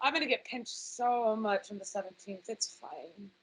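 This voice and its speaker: A woman's voice: medium pitch, moderate pace, slightly rough, rough recording. A woman in her thirties hosting a casual podcast chat, chatty and self-deprecating, often apologizing for her swearing. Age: 30s. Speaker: podcast host.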